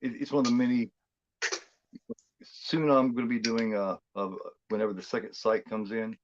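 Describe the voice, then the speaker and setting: A man chatting casually during a movie watchalong, rambling and halting with lots of fillers and restarts. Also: mid-range voice, flat delivery, muffled recording, background noise. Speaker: guest co-host.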